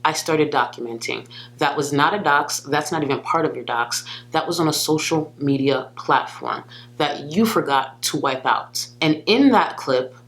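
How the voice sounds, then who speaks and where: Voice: mid-range voice, normal speed, a bit bright. A commentary youtuber delivering a scripted call-out video, speaking firmly and accusingly and addressing the target directly.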